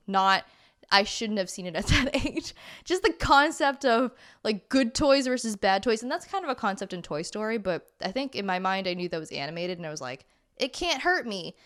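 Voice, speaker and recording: A young woman co-hosting a podcast, telling stories in a chatty, animated way with lots of fillers. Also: medium pitch, brisk. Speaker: podcast co-host. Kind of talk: casual chat.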